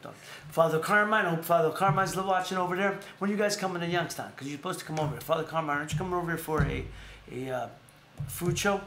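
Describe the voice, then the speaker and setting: A man's voice: on the high side, fast talker, few pauses, a bit bright, slight background noise. A man hosting a casual talk show, rambling and repeating himself as he plugs sponsors. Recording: echoey room.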